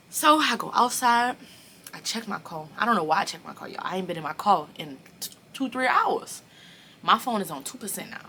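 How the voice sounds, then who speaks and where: A young woman telling a storytime to her viewers in a casual, animated, profane way. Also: lowish voice, a little fast, slight background noise. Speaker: vlogger.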